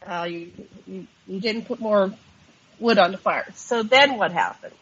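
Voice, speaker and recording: A woman hosts a call-in interview, firmly steering the talk between guests. Her voice is husky and mid-pitched, and the sound is dull and lo-fi. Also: unhurried. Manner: directing, steering the conversation. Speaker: radio show host. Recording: dull, lo-fi line.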